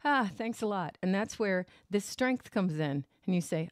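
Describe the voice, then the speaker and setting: Expressive woman tarot podcaster, mid pitch, close dry mic, laughs easily. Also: normal speed, no echo. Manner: animated and expressive, laughs often. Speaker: podcast host and tarot reader. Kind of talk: casual solo podcast chat with a tarot reading.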